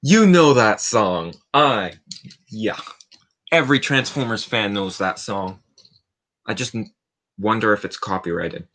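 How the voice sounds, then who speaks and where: Guy rambling on his q&a stream, kinda low voice, cracking dumb jokes at himself. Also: expressive, measured pace, pauses often, a bit bright. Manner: rambling, self-mocking jokes. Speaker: livestream host. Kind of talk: casual Q&A stream chat.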